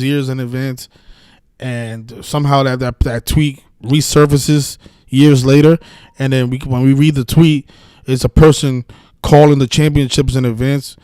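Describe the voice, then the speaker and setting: A man's voice: medium pitch, darkish tone, no room sound. A man hosting a casual live-stream about sports betting, talking in a heated, profane, rambling way with many restarts. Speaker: sports betting video host.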